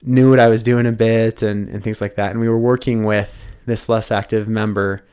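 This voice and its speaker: Low, flat-voiced man telling a story. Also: moderate pace, smooth. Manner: earnest, with frequent restarts and filler. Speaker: podcast host, interviewed as guest. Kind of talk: casual storytelling interview.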